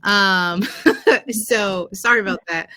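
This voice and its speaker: A woman from Georgia with a Southern US accent introduces herself. She sounds friendly and chatty, and her voice is bright. The sound is dry and close, as on a video call. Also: mid-range voice, slow, dry recording. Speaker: senior project manager. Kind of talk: casual self-introduction.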